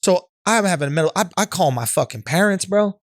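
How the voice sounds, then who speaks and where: A man's voice: high-pitched, lively intonation, fairly quick, no room sound, clean studio sound. A man co-hosting a podcast, telling a story in a rambling, casual way, cursing freely and checking in with "right?". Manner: rambling, swears freely, peppers talk with "right?". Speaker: podcast co-host.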